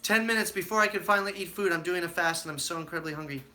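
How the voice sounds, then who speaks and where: A man's voice: high-pitched, very fast, bright, forceful tone, a little hiss or hum. A man hosting his own live stream, chatting casually and telling stories with plenty of fillers and acted-out quotes.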